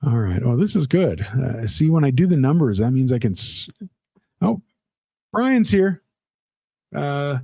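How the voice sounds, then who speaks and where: A man's voice: medium pitch, big pitch swings, a little slow, creaky, pauses often, mellow, slightly rough, no echo. A man hosting a casual livestream, reading out chat comments in a rambling, playful way with lots of fillers. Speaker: livestream host.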